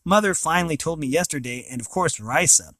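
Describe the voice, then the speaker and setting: A man's voice: on the high side, expressive, fairly bright tone, no room sound. Guinevere, a man reading a nervous young bride. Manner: hesitant, halting speech. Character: young noblewoman bride, nervous but gentle. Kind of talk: reading a novel aloud.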